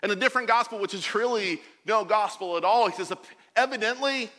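A bright, high-pitched man in his forties delivers a lively sermon, joking and acting out the quotes he tells. His voice rings out with a long reverb from the church hall around him. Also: fast talker. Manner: animated, jokey, acts out quotes. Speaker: pastor.

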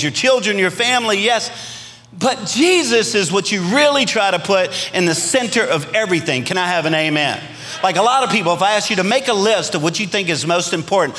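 A middle-aged pastor from Louisiana with a Cajun accent, preaching a sermon with rising emphasis and calls for amens. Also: male voice, high-pitched, pushed and bright. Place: church sanctuary. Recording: long hall reverb.

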